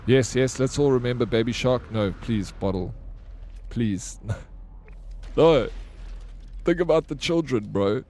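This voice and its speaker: A man's voice: mid-range voice, a little slow, pauses often, darkish tone. Joking, bantering male game streamer. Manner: playful banter with chat, swears freely. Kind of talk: casual live-stream chat while gaming.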